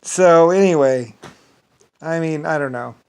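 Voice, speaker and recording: A man telling a story in a rambling casual monologue, full of halting restarts and repeated filler words. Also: a little high, gravelly, a little mellow, clean tone, rough recording.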